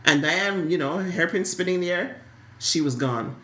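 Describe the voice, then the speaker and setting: Woman cohost chatting, lowish voice, restarts her words a lot, echoey room. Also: normal speed. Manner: animated, repeats words when starting sentences. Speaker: podcast co-host. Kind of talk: casual chat about a soap opera.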